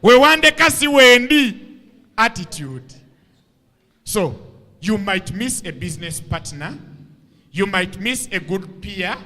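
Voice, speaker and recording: A man's voice: high voice, big-room sound. A man, giving a comic storytelling talk from a stage microphone. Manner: animated, playful storyteller. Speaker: motivational speaker.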